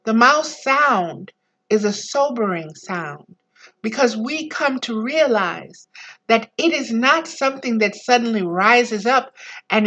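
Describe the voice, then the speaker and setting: A woman reading a book aloud as a spiritual teacher, slow and deliberate, breaking off into soft, low personal asides. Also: low-quality recording.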